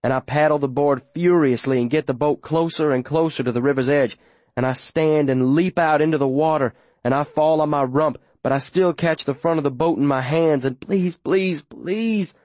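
A man's voice: on the high side, fairly even intonation, fairly quick, a little mellow, no room sound. A man reading a first-person audiobook in an urgent, breathless, tense way. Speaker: audiobook narrator.

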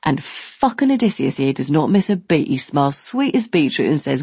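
A woman doing stand-up storytelling, animated and sweary, with big exaggerations. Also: low-pitched, moderate pace, slightly rough, no room sound. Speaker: comedian.

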